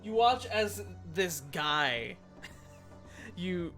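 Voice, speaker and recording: A man narrating a tabletop game as game master, animated and laughing often, jumping into loud character quotes. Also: sits high, drawn-out words, soft background music.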